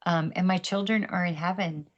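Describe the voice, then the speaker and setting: A woman's voice: lowish voice, fairly even intonation, moderate pace, dull audio. A woman guest on a podcast, telling her story candidly with faith, laughing often and acting out other people's voices, heard over a video call.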